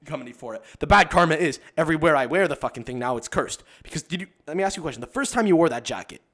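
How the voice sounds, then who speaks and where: A man's voice: on the high side, lively intonation, rapid-fire, fairly bright tone. A young man talking as a podcast guest in casual chat, telling long profane stories and acting out other people's voices. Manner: profane, rambling storyteller.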